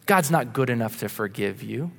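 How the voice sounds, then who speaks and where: A man preaching voices the devil as a sly, dismissive male tempter who coaxes in a soft, lower, quieter tone. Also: expressive, normal speed, vocal fry, in a large hall.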